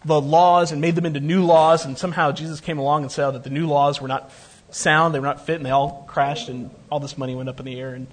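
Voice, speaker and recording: A man's voice: fairly high pitch, flat delivery, quick pace. A man preaching a conversational sermon, retelling a scripture story with joking asides.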